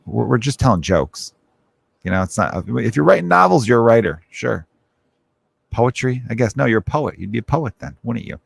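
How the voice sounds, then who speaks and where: A man in his thirties, a comedian hosting his own podcast, riffs in a loose, profane monologue and keeps slipping into other people's voices. His voice has a gravelly edge, and it sits close and dry on the mic. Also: mid-range voice, animated, brisk, no room sound. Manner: rambling, profane, acts out quoted voices.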